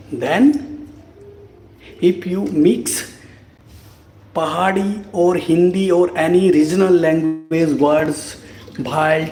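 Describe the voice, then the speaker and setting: A man giving a live-stream lesson, talking slowly and deliberately to encourage learners. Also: a little high, mellow. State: sweating from the heat. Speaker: English speaking teacher. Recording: echoey room with background noise.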